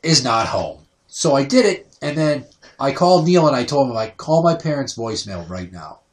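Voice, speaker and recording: A man in his thirties tells stories casually on a podcast, his pitch swinging wide as he acts out other people's voices. He sits back from the mic, and the room adds a noticeable echo. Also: very animated, normal speed. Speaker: podcast host. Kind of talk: casual storytelling. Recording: roomy sound, voice distant from the mic.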